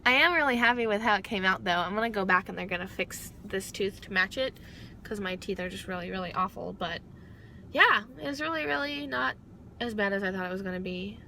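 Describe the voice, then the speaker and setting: A woman's voice: mid-range voice, fairly quick, rough recording. A young woman from Texas telling a story in a casual vlog, chatty and full of filler words, her speech a little slurred from a numbed mouth. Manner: chatty, animated quotes, many "like" fillers. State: mouth numb, slightly slurred. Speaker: vlogger. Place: outdoors. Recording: outdoor traffic noise behind. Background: passing cars.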